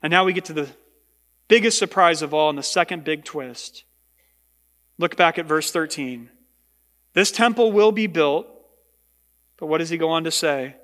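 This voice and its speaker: A man's voice: a little high, moderate pace, long pauses, a bit bright. A male pastor preaching a sermon in a church, emphatic and repeating words for stress. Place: church sanctuary. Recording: long reverb of a large hall.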